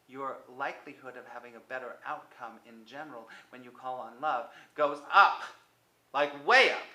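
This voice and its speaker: A man giving a motivational self-help talk to the viewer, coaxing and repetitive, sometimes dropping to a soft near-whisper. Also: on the high side, roomy sound, rough recording.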